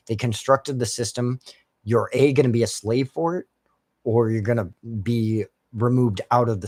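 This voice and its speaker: A young man from Canada streams a game and curses his way through a frustrated, casual rant aimed at his chat. He has a medium-pitched voice, captured on a dry recording.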